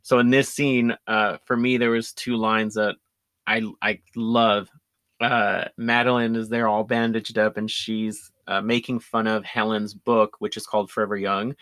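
A man's voice: fairly low pitch, level tone, measured pace, a bit bright, dry recording. A man in casual conversation, recapping a film with enthusiasm, often laughing and restarting his sentences. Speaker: podcast co-host.

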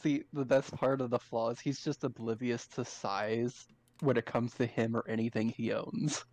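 A man in casual chat, brainstorming game characters in a relaxed, amused way. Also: mid-range voice, normal speed.

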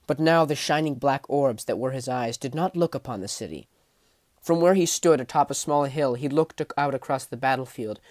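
A man narrates a fantasy novel as an audiobook, with vivid, intense storytelling. His mid-range voice climbs with the action and sinks to a low menace for the darker passages. The recording is dry and close, with no room sound. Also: darkish tone, no room sound.

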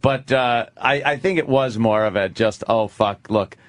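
A man's voice: medium pitch, measured pace. A man nearing fifty, a podcast host chatting casually, rambling and self-deprecating with lots of swearing. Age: 40s.

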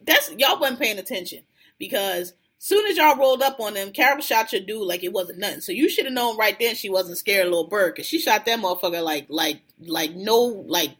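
A woman's voice: mid-range voice, fairly quick, husky. A woman hosting a podcast, chatting casually and profanely about a TV episode, acting out characters' lines. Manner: animated, profane, laughs often, acts out characters' lines. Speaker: podcast host. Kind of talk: casual TV recap chat.

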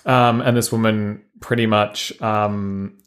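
A man co-hosts a casual podcast. His voice is fairly low for a man. He rambles through anecdotes, stopping often on "um" and "like". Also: little pitch movement, takes it slowly. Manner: rambling retelling with many "um" and "like" fillers. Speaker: podcast co-host. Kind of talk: casual chat, storytelling.

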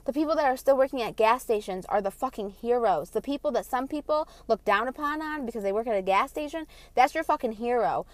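A woman delivering a heated, profane vlog rant, blunt and passionate, swinging between loud outbursts and quieter asides. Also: fairly high pitch, dry recording. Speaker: vlogger. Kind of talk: ranting monologue.

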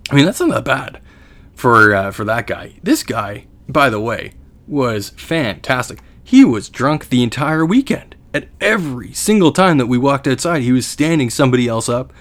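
A man's voice: mid-range voice, very animated, moderate pace. A young Canadian man co-hosting a podcast, telling a long story in a rambling, self-deprecating way with many restarts. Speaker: podcast co-host. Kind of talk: casual storytelling.

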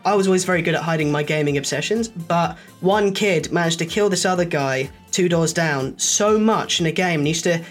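A man telling stories in a casual chat, lively and acting out the people he quotes. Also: fairly high pitch, brisk, hardly any pauses, faint music behind. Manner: animated storyteller, acts out quoted voices.

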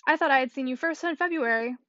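A gallant young gentleman full of teasing impudence, read by a woman. The voice stays high. The recording is dry and muffled. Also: fast, no room sound. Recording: dull dry audiobook recording.

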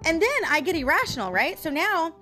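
A woman's voice: very high-pitched, very animated, fairly quick, pushed and bright, soft background music. A woman hosting her own audio blog, venting to her listeners in an emphatic, frustrated way and speaking to them directly. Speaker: podcast host. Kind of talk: casual venting monologue.

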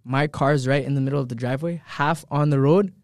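A young man telling stories in a casual group chat, animated, slangy and profane. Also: medium pitch, a little fast, no echo, clean studio sound.

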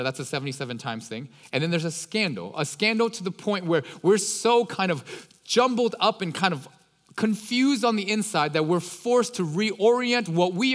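A man preaches in a relaxed, slangy way, as if chatting with the congregation. His voice sits fairly high for a man. The sound carries a long reverb from a big hall. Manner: casual, slangy storytelling. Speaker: pastor. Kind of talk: sermon.

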